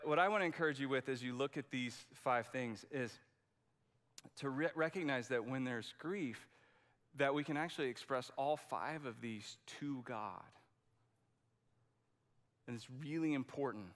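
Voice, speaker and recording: A man's voice: medium pitch, a little slow, long pauses, a bit bright. A man preaching a sermon in a conversational, emphatic way, often restarting his sentences. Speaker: pastor.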